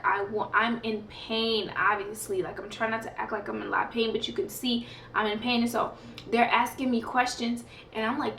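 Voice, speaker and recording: A woman's voice: on the high side, a bit bright, a little hiss or hum. Chatty woman in an echoey room. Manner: chatty, rambling, with lots of fillers and laughs. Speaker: vlogger. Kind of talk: casual storytime. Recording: echoey room, mic at a distance.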